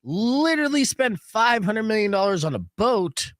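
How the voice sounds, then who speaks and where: Male radio host, animated pitch, jokey banter, dry close mic. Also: moderate pace, no echo. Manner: jokey, animated, laughs often. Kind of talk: casual talk radio banter.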